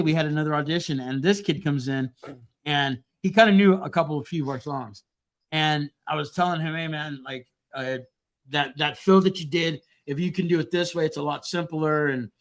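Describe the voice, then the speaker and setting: A middle-aged man who hosts a podcast and plays music, telling a story in a casual, animated way with a lot of swearing. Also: a little high, moderate pace.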